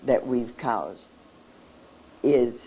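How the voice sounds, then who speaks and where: An adult giving an emotional talk at a seminar, speaking earnestly in a halting way, with many pauses and repeated words. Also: mid-range voice, lively intonation, mellow, slightly rough, poor audio.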